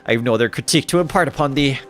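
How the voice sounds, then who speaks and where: Reading game dialogue aloud, a man voices a gallant young female knight who speaks in grand, old-fashioned phrases, with a grandiose mood. His mid-range voice races along, a bit bright and lightly acted, over soft background music.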